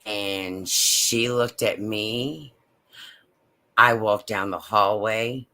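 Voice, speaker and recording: A woman telling a personal story in a slow, halting, emotional way. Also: extremely low pitch, bright, forceful tone. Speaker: vlogger.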